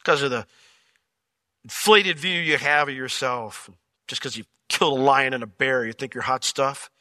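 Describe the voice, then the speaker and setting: A man pastor teaching a verse-by-verse sermon in a conversational, animated way, acting out quotes with sudden jumps in pitch. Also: moderate pace, no room sound, clean studio sound.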